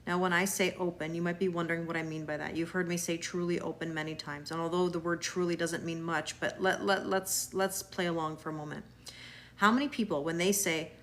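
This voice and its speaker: A woman's voice: on the low side, brisk, fairly bright tone. A woman with a Canadian accent, a tarot reader chatting live with viewers in a reassuring way, often restarting her words. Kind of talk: live-stream chat with viewers.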